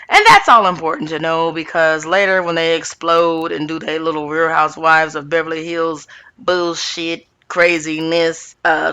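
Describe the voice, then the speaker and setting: A woman's voice: on the low side, bright, forceful tone. A woman hosting a reality TV recap in casual chat, blunt and sassy, swearing and using slang as she talks to her viewers.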